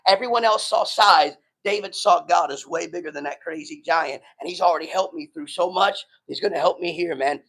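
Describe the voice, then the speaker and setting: A man's voice: high voice, fairly bright tone, rough recording. A man preaching a sermon in a loose, slangy way, retelling stories with quoted voices. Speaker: pastor.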